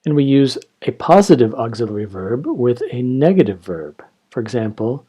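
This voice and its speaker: A man's voice: medium pitch, sing-song, dark tone, breathy edge, highs cut off. A man teaching English grammar, explaining carefully and reading example sentences aloud. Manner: slow, explanatory, reads example dialogues aloud. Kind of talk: grammar lesson.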